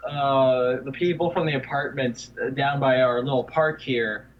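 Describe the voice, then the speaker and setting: A man's voice: mid-range voice, normal speed. A man telling a rambling story in casual chat, acting out what others said. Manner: rambling storyteller, acts out quotes. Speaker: guest, son of a regular. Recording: muffled lo-fi sound.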